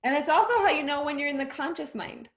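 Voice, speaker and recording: A woman's voice: high voice, quick pace, rough recording. A woman leading a group mindset session over a video call, encouraging and emotional, laughing often.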